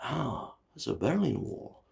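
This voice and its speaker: A man's voice: medium pitch, big pitch swings, a little slow, vocal fry, darkish tone, husky. A man in his forties from Czechoslovakia, delivering a swearing, digressive monologue full of "you see" and "you know". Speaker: channel host. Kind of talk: profane rambling monologue.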